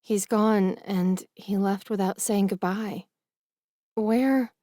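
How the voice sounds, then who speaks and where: A woman narrating a first-person romance audiobook in an expressive, emotional reading. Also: mid-range voice, takes it slowly, no echo, studio quality.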